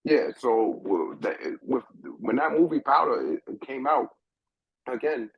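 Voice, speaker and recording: A husky middle-aged man from New York tells a personal story with lively, halting energy, circling back over his own words. The sound is dry and close, with a dull, lo-fi edge. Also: mid-range voice, no room sound. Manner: animated, restarts often, repeats words while thinking. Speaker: guest.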